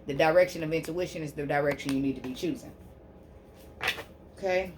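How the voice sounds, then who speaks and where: A woman giving a tarot reading on her channel, preaching fervently to her listeners and softly repeating prayerful invocations as she draws cards. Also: sits low, brisk, a little hiss or hum. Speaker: spiritual healer and tarot reader.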